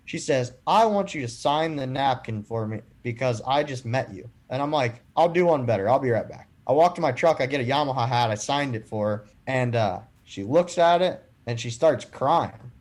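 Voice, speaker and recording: A man's voice: mid-range voice, normal speed, few pauses. Earnest young man telling a story. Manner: earnest, acts out quoted dialogue. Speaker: podcast guest, boating safety speaker. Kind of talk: casual storytelling conversation.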